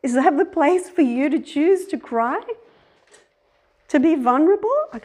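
A woman giving a conversational sermon, animated, acting out little voices and laughing at herself. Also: high-pitched, measured pace, pauses often. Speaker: speaker giving a talk.

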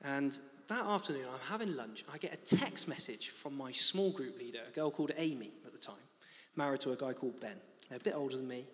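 A young man preaching and telling a personal story in a lively, animated way. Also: medium pitch, brisk. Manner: animated storytelling, acting out his own shock. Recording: reverberant church hall.

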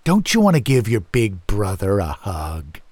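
A man voicing a cold, mocking older brother who speaks flatly and with menace. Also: fairly low pitch, unhurried, no room sound, exaggerated voice.

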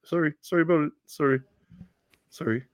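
A man's voice: mid-range voice, wildly swooping pitch, racing, creaky, fairly bright tone, dry recording, exaggerated voice. A man putting on a mock Canadian accent, apologizing over and over. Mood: apologetic. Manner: repeating "sorry" over and over.

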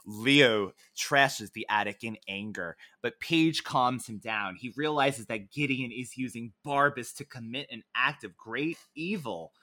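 A man co-hosting a casual podcast, recapping a TV episode in an animated way and often playing at funny voices. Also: medium pitch, a little slow, few pauses, no echo, clean studio sound. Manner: animated, slips into mock voices and laughs. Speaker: podcast co-host.

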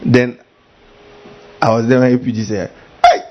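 A man preaching a sermon as pastor, animated and full of mimicry, with a husky voice. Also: medium pitch, normal speed, muffled recording.

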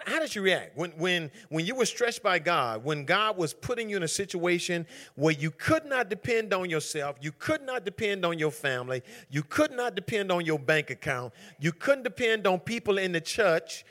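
Man, high bright voice, Bible study leader, chatty and emphatic, calls on people by name. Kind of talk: interactive Bible study teaching. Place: church group gathering.

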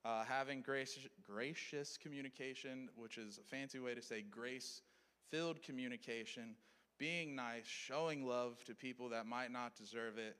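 A man's voice: mid-range voice, fairly bright tone, smooth, in a large hall. A man teaching a Bible lesson to a group, talking casually and checking in with his listeners.

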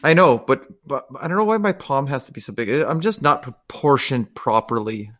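A man's voice: medium pitch, lively intonation, moderate pace, fairly bright tone. A man, hosting a casual chat, rambling and swearing freely as he tells stories. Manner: profane, rambling storyteller.

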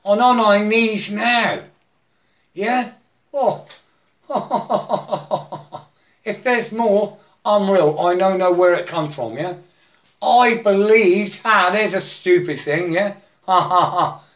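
A man giving a halting, repetitive spiritual monologue, breaking into chanted mantras and laughing to himself. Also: high voice, fairly bright tone.

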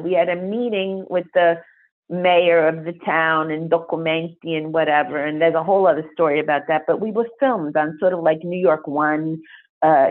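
A woman who is a podcast guest, telling a story in an animated, emphatic way. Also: fairly low pitch. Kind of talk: storytelling interview. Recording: phone-like narrow sound.

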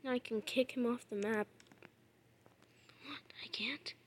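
A woman doing gameplay commentary, muttering to herself and then shouting in frustration, swearing at the game. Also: on the high side, measured pace, slightly rough. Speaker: gamer.

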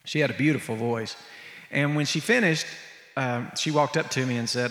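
A man's voice: medium pitch, a little fast, a bit bright. A man preaching in a church, telling a story in a conversational, vivid way. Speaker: preacher and musician. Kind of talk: storytelling sermon. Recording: echoey hall, long reverb.

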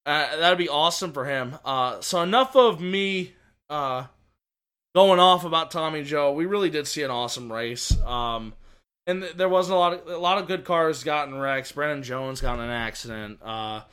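A man with a high, bright voice co-hosts a casual podcast. He rambles eagerly, restarting sentences as he goes. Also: moderate pace, smooth. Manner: excited, rambling, many restarts. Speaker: podcast co-host. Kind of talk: casual racing chat.

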